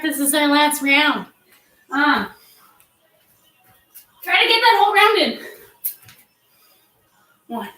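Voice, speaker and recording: A woman's voice: sits high, a bit bright. A woman fitness instructor leading a livestream workout, counting reps aloud and giving playful, encouraging cues. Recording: echoey room, voice far from mic. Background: faint workout music.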